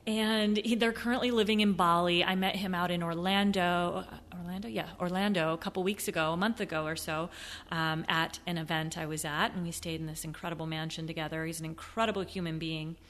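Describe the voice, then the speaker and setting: Animated woman giving a motivational talk. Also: a little fast. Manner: animated, acts out excuses in a high mocking voice, drops to a soft near-whisper. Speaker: podcast host, sales coach. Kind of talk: motivational solo podcast talk.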